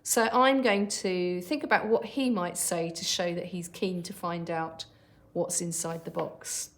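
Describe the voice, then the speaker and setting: Primary teacher lady, kinda low voice, talks slow, reads her example lines out while writing. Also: steady tone. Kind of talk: recorded online lesson.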